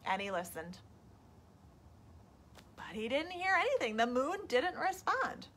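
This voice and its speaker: Animated woman reading to children. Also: high-pitched, unhurried, slight background noise. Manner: animated, asks the children questions. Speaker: librarian.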